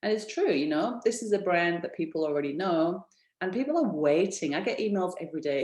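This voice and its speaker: A woman's voice: on the low side, animated, fairly quick, darkish tone, roomy sound. A woman from Australia presenting a business info session in a chatty, enthusiastic way, with many ums and restarts. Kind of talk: webinar presentation, casual and chatty.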